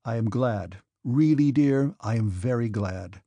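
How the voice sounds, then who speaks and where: A man's voice: mid-range voice, a little slow, dark tone, no echo, muffled recording. A man voicing a wry, bantering young prince in an audiobook, light and teasing. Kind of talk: audiobook character reading.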